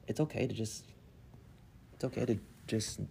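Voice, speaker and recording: A man's voice: lowish voice, moderate pace, creaky, background noise. A young man in a casual chat, earnest, repeating himself and restarting as he talks. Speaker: guest.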